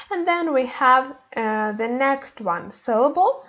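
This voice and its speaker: A woman with a high voice teaches a beginner language lesson at an unhurried pace. She explains step by step, stopping often with fillers and restarts. The recording sounds slightly dull and lo-fi. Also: animated, fairly bright tone. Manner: halting, many fillers and restarts.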